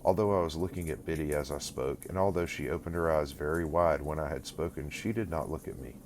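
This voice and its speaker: A man narrates a classic novel in a measured, even storytelling voice. His pitch is very low, and a faint hiss sits under the reading. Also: low-quality recording. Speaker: audiobook narrator. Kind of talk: scripted narration.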